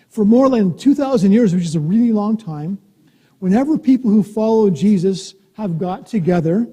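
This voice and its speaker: A minister giving a gentle, playful communion talk to children in a church sanctuary, explaining things in simple words. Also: medium pitch, breathy edge. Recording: long church reverb.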